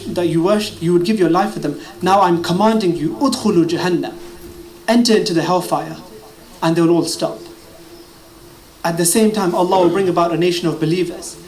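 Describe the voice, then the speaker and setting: A man's voice: high voice, darkish tone. A man with a British accent preaching a sermon, quoting Arabic narrations and translating them into English. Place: mosque gathering hall. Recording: echoey hall with faint ambient noise.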